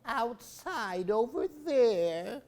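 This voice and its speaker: A man voicing a small scared owl who wails in a high, squeaky voice, reading a picture book aloud. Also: sing-song, darkish tone, full character voice. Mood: frightened. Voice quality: high wailing. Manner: drawn-out, squeaky. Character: small scared owl hiding in a tree, crying.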